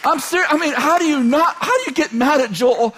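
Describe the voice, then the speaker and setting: A man preaching an informal sermon in a conversational way, joking and chuckling often, swinging between loud bursts and low asides. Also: a little fast, crowd noise, noisy background.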